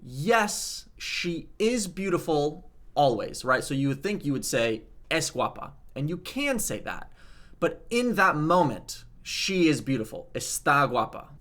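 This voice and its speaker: A man's voice: on the high side, big pitch swings, unhurried, fairly bright tone. A man explaining language grammar in a casual video lesson, talking animatedly and checking in with "okay?" and "like". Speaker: language teacher.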